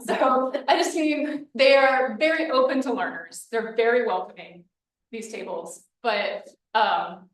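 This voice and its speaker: A woman with a slightly high voice gives a casual workshop talk, chatty and lively. She acts out little quoted reactions as she explains. The sound is roomy and echoey, picked up from a distance. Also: a little slow. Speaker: workshop presenter. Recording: echoey room, mic from far off.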